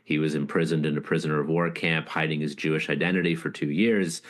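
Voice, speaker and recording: A man's voice: extremely low pitch, fairly even intonation, fast. A man talking as an interview guest, an author and leadership speaker who tells stories in an earnest, reflective, heartfelt way. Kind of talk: casual interview storytelling.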